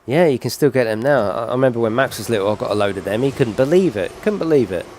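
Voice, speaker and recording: A man's voice: mid-range voice, expressive, fast talker, darkish tone. A middle-aged man giving casual, rambling game commentary full of tag questions. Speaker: gaming channel host.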